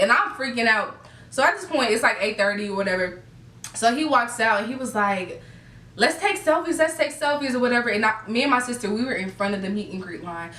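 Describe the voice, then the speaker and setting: A young woman tells her viewers a story in a casual, gushing way, giggling as she goes. Her voice is bright and fairly high. She sits a little back from the mic in an echoey room. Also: expressive, fairly quick, distant mic. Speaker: vlogger.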